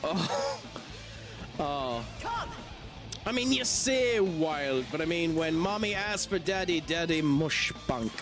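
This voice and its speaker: Giggly high-voiced Irish gaming streamer. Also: male voice, lively intonation, slow pace. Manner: laughs often, swears, reacts loudly. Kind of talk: live gameplay commentary chatting with viewers. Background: game music.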